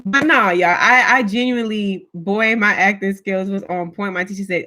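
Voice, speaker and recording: A woman's voice: mid-range voice, normal speed, few pauses, sharp tone. A chatty woman hosting a casual livestream, talking emphatically and answering viewer comments. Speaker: livestream host. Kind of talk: casual live chat with viewers.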